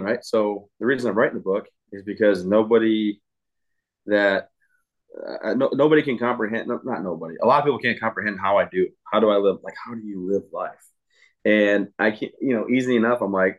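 A man's voice: on the low side, a little fast, rough recording. A man in his thirties, a guest on a podcast, speaking casually and earnestly with many restarts and fillers. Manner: earnest, rambling, self-correcting with frequent fillers and laughs. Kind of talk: casual conversational interview.

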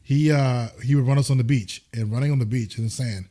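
A man's voice: medium pitch, fast. A man emphatically telling profane stories in casual chat. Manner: emphatic, profane, lively storytelling. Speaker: veteran guest.

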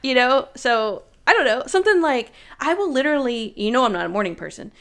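A woman in her thirties co-hosting a casual chat, talking in a chatty, animated way and laughing often. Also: high-pitched, fairly quick.

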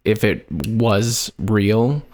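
Low-voiced man telling a story casually. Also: fairly even intonation, extremely slow, darkish tone. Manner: rambling, many fillers like "like" and "um". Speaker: podcast host telling the story. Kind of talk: casual chat.

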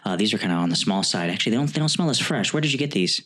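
A man's voice: lowish voice, expressive, rapid-fire, fairly bright tone. A man playing a rambling male forest stranger who loves mushrooms and stammers over his words. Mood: eager. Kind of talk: tabletop role-play.

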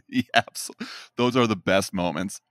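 A man's voice: lowish voice, unhurried, fairly bright tone, no room sound, clean studio sound. A man in his thirties hosting a podcast, enthusiastic and hyping up his guest in casual chat. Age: 30s. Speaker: podcast host.

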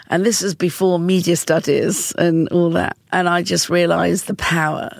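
Gravelly-voiced woman filmmaker, interview. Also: low-pitched, dry recording, studio quality. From Britain. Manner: lively, laughs often, quotes others in animated voice. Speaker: film director being interviewed. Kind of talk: conversational interview answers.

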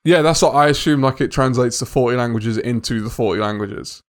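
A man co-hosting a podcast in casual chat, talking in a measured way and reasoning things through. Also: mid-range voice. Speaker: podcast co-host.

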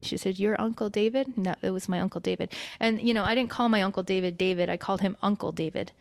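A woman's voice: mid-range voice, steady tone, quick pace, creaky, no echo, studio quality. A young adult woman telling an emotional personal story as a guest, with many fillers and restarts.

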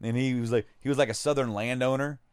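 A man's voice: medium pitch, steady tone, fast talker, clean tone, no room sound, clean studio sound. A man co-hosting a podcast, recapping a comic in rambling casual chat. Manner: rambling, laughs often, full of fillers. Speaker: podcast co-host.

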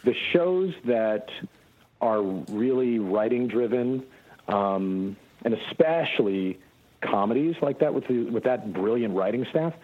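Man, guest voice actor, relaxed storyteller, animated pitch, dull remote recording. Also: measured pace. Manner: relaxed, anecdotal, frequent fillers and restarts. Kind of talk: casual interview chat.

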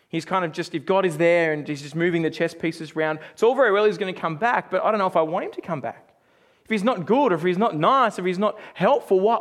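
A young man preaching a sermon, animated, acting out quotes and going soft and slow when he reads scripture. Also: high voice. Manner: animated, acts out quotes with sudden shouts. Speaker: pastor.

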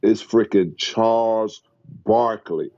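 A middle-aged man telling stories as a podcast guest, acting out quotes excitedly. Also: takes it slowly, no room sound, lo-fi sound. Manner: excited storyteller who acts out quotes in a high voice. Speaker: guest, former basketball player. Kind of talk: animated storytelling in a podcast interview.

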